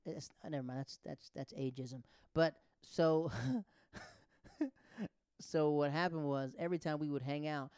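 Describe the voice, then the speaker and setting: A man in his thirties with a fairly high pitch and a slightly slow pace does stand-up in a clean studio recording with a clear tone and no echo. His animated stories wander and interrupt themselves.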